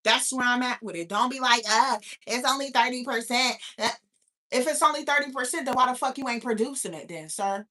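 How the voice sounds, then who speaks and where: Young woman from New York, livestream host; bright, higher voice, profane and animated rant. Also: fast. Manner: profane, animated, talks back to chat.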